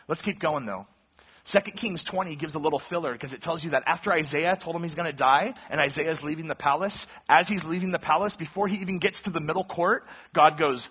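Husky-voiced man preaching a sermon. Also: fairly high pitch. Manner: conversational Bible teaching, acts out quoted speech. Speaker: pastor. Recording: dull lo-fi sermon recording.

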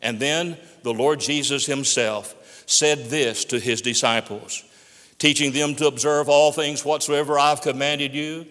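A man's voice: on the high side, steady tone, a little slow, fairly bright tone. Emphatic male preacher in a reverberant hall. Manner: emphatic, repeating phrases for emphasis. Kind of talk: sermon.

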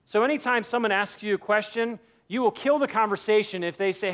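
A man's voice: high-pitched, fairly quick, fairly bright tone. A man pastor giving a sermon in a conversational way, acting out everyday dialogue as he makes his points. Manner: conversational preaching, acts out quoted dialogue.

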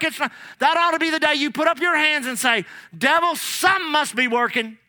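Male preacher, storytelling sermon, very high sharp voice, dry close sound. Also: fairly quick, hardly any pauses, no echo. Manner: animated, repeats lines, calls out "amen".

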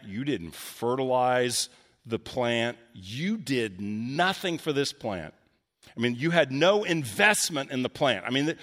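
A man's voice: mid-range voice, a bit bright, big-room sound. A man preaching a sermon in an earnest way, acting out questions with rising emphasis. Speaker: pastor.

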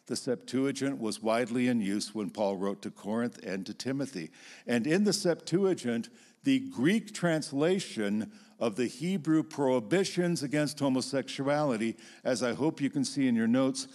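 Emphatic man teaching scripture. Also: darkish tone. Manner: emphatic, measured, drops low at key points. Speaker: Bible teacher. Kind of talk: teaching talk to a class.

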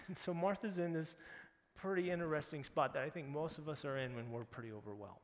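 A man preaches a casual sermon, retelling scripture in conversational everyday slang. His voice is on the high side and fairly quick, recorded in a reverberant hall with faint background noise.

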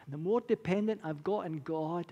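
A man in his sixties preaching a sermon, earnest and repetitive, rising from quiet to impassioned. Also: high-pitched, normal speed, dull audio. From Britain. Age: 60s. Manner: earnest, building from quiet to impassioned, repeats phrases. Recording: long reverb of a large hall.

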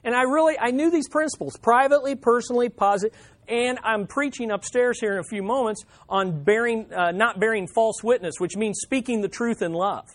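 A man's voice: very high voice, a little fast. A male preacher giving a conversational Bible teaching, often putting questions to his listeners.

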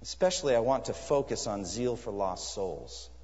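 Earnest preacher in an echoey hall. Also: male voice, fairly low pitch, expressive, normal speed, a little mellow. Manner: earnest, emphatic preaching with searching questions. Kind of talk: sermon. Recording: echoey hall, dull lo-fi sound.

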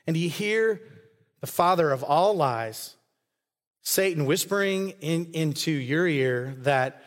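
A man's voice: a little high, animated, slow pace. A man preaching a sermon as a pastor, earnest and conversational, often acting out quoted voices. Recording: long hall reverb.

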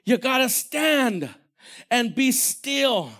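A man preaching a sermon as pastor, animated, swinging from shouted lines to hushed, near-whispered ones. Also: very high voice, extremely slow.

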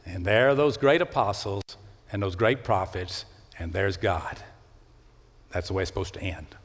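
A man preaching a sermon in a church, swinging between loud rising calls and low hushed lines. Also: moderate pace. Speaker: pastor. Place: church sanctuary. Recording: long hall reverb.

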